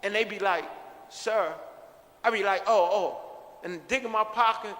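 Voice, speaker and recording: A man's voice: sits high, fairly even intonation, fast, sharp tone, big-room sound. A middle-aged man earnestly telling his own life story in an interview, reflective and often repeating himself. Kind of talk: personal storytelling.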